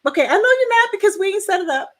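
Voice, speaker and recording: A woman co-hosting a casual online talk show, effusive and excitable, talking in rambling bursts. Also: very high-pitched, racing. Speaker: co-host.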